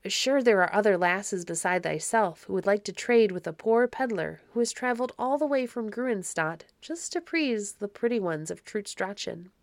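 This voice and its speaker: A crafty one-eyed peddler sweet-talks his way along in old-fashioned speech, read by a woman. The storybook voice sits at a middling pitch. It is recorded dry and close. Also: animated, moderate pace, vocal fry, hardly any pauses, no room sound. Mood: wheedling. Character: sly one-eyed male peddler, wheedling.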